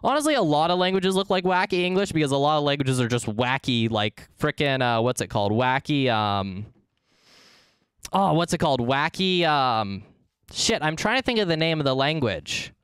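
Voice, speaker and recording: Goofy rambling male streamer, lively pitch. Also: moderate pace, clear, resonant tone, dry recording, studio quality. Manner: goofy, rambling, talks to chat. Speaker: live streamer. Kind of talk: casual gaming stream chatter.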